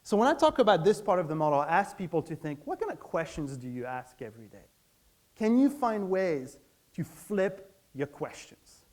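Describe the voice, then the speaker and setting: A man giving a public talk on stage, asking the audience questions and acting out everyday dialogue. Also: high voice. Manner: animated, acts out everyday dialogue in quotes; asks the audience direct questions.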